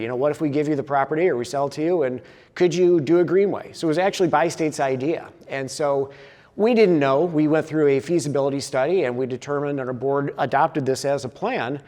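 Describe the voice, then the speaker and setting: A man's voice: a little high, a little mellow. Man presenting in a reverberant hall. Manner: filler-heavy, with many uhs and restarts. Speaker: conference presenter. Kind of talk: conference presentation. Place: conference hall.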